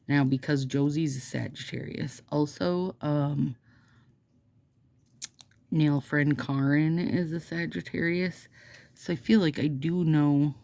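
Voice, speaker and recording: A middle-aged woman with a Minnesota accent talks to her viewers in a low, gravelly voice. She is unhurried and mellow, and she drifts between reading a passage aloud and chatting with rambling, self-deprecating asides. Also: steady tone, no room sound. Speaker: nail product vlogger. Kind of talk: casual chat while doing her nails, reading astrology text aloud.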